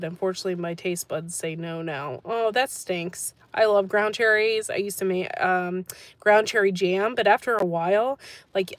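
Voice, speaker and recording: A woman's voice: medium pitch, no echo. Woman host of a gardening channel, casual live-chat delivery, talkative and rambling, dry recording. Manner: chatty and rambling, laughs often. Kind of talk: casual live-stream chat answering comments.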